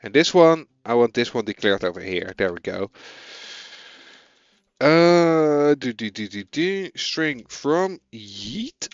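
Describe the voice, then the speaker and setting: A man's voice: mid-range voice, sing-song, slow pace, no echo, muffled recording. A man with a Dutch accent, a native Dutch speaker, thinking aloud as he codes and chatting with viewers on a casual live stream.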